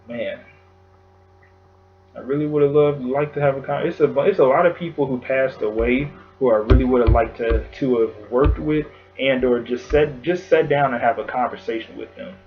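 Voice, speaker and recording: Nearly crying, a man pays emotional tribute in his vlog, his mid-range voice stumbling through long pauses, sighs and filler words. The audio has its highs cut off and carries a little hiss or hum.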